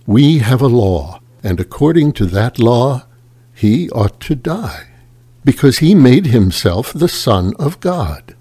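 A man reading the lines of an angry crowd of accusers, giving them loud, raised demands. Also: mid-range voice, big pitch swings, takes it slowly, husky, dry recording, pitched above the performer's own voice, exaggerated voice. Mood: insistent.

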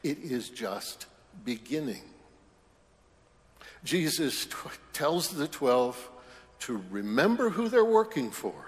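Slow-speaking priest in echoing church. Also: male voice, medium pitch. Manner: conversational, wry humorous asides. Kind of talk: sermon. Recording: long church reverb.

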